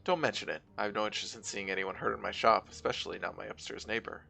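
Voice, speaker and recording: A man's voice: fairly low pitch, fairly even intonation, creaky, pushed and bright, exaggerated voice. A man reading as a courteous drone engineer. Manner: polite, measured, formal phrasing. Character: cultured male Russian drone engineer, calm, courteous.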